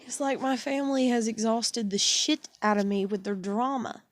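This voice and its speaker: A woman's voice: fairly high pitch, moderate pace. A woman in her thirties, a stressed and exhausted single parent, venting in a casual, profane monologue at home with heavy sighs. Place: indoors at home.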